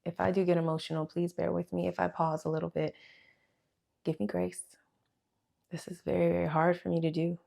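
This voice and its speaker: A young woman speaking to camera on her own channel, sharing a heartfelt religious testimony with sighs and pauses as she holds back tears. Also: lowish voice, flat delivery, creaky, dark tone. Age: young adult. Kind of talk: emotional personal testimony to camera.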